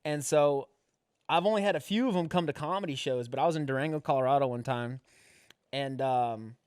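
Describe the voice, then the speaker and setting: A man's voice: mid-range voice, fairly quick, clear, resonant tone, no room sound. A young man, a comedian hosting a podcast, telling rambling, profane stories and acting out the voices in them. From rural Western US, grew up rodeoing. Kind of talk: casual storytelling chat.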